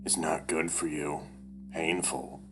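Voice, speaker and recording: A man voicing a big, quiet teenage wolf who threatens slowly and flatly in a storybook reading. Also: very deep voice, music in the background. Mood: menacing. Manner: slow, flat, threatening.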